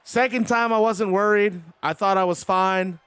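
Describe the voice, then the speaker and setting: A man casually commentating a video game wrestling match, rambling and excitable, drifting into personal stories. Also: high-pitched, normal speed, clean tone, no room sound. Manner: chatty, rambling and excitable, swears. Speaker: host and commentator.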